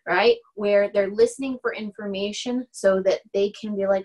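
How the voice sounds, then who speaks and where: A woman instructor giving a casual recorded lecture. She talks in a loose, conversational way, often checks in with "right?", and acts out example dialogue in animated voices. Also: medium pitch, moderate pace, hardly any pauses, low-quality recording.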